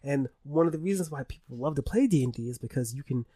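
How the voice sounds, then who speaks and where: A tipsy young man co-hosting a podcast, excitable and swearing a lot, laughing often. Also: medium pitch, quick pace, breathy edge, no echo, studio quality. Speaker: podcast co-host. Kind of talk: casual chat.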